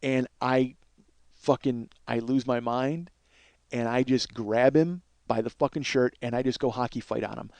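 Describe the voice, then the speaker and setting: A man's voice: mid-range voice, unhurried, vocal fry. A middle-aged man hosting a podcast, telling a long story in a loose, profane way and acting out the voices of the people in it. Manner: animated, profane, acts out quotes. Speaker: podcast host. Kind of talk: storytelling monologue.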